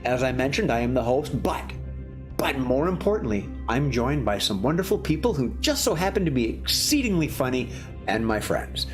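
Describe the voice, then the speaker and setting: Minnesota guy hosting an improv show, lively up and down voice, keeps restarting, joking around. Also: medium pitch, moderate pace, faint music behind. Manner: rambling, jokey, many restarts. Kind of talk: live comedy show hosting. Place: warm indoor studio.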